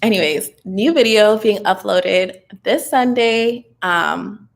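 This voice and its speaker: A woman's voice: medium pitch, takes it slowly, vocal fry. Chatty tired young woman on a livestream. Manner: chatty and upbeat, advice-giving, with frequent fillers. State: tired and a little loopy. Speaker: online business content creator hosting a live Q&A. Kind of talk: casual livestream chat.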